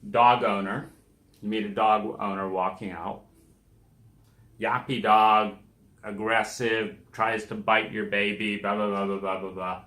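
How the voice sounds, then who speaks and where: Recorded in a reverberant room, a male podcast host gives a reflective self-help talk. He sounds fairly low-pitched, bright and forceful, holding a level tone at an unhurried pace while working through examples conversationally, emphatically, and with impressions of those he quotes.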